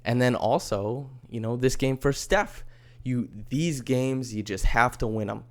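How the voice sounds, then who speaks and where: A man hosts a solo sports podcast, offering casual commentary in a chatty, wry, easygoing manner. His voice is medium-pitched and his pace measured.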